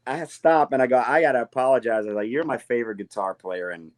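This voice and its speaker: Male interview guest, animated storyteller, mid-pitched voice, acts out the quotes, casual podcast chat. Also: fast talker. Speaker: guitarist guest.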